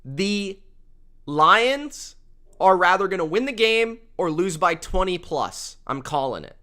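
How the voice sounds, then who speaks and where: A young man hosting a casual sports picks show, excitable and repeating himself for emphasis. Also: sits high, slow pace. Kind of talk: casual sports prediction talk.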